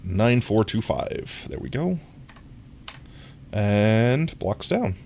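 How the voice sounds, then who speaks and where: A live streamer in casual gameplay chat, playful and giggly, often jumping into a squeaky high voice, talking into a desk microphone. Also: sing-song, extremely slow, creaky, warm tone, a little hiss or hum.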